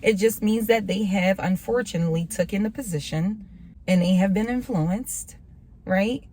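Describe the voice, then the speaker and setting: A woman speaking straight to her viewers in an earnest, motivational way, at an ordinary middle pitch. She repeats her phrases for emphasis, almost like a preacher, while keeping the tone of a casual chat. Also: normal speed, warm tone, a little hiss or hum. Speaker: faith vlogger. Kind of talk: casual motivational talk to camera.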